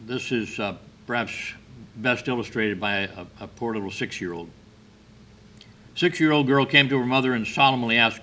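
A man giving a sermon, telling stories in a slow, measured way with brief hesitations. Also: mid-range voice, bright, forceful tone, slight background noise. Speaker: preacher.

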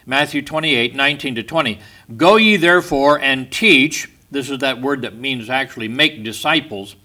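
Male Bible teacher, bright and forceful tone, explanatory lecture delivery that stresses key words. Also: mid-range voice.

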